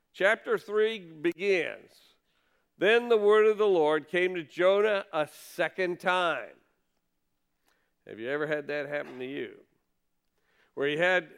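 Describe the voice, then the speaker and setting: A man's voice: on the high side, clean tone. A man preaching a conversational sermon from the pulpit, reading scripture and stressing key words. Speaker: pastor.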